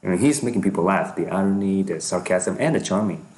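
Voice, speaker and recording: Deep-voiced man hesitantly reacting to a clip. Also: quick pace, darkish tone. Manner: hesitant, repeats and restarts often. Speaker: video reactor. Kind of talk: reaction commentary.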